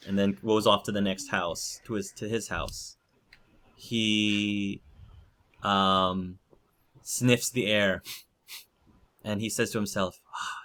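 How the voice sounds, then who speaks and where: A man narrating a tabletop role-playing game as game master, slow and halting, with many fillers. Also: fairly low pitch, a bit bright.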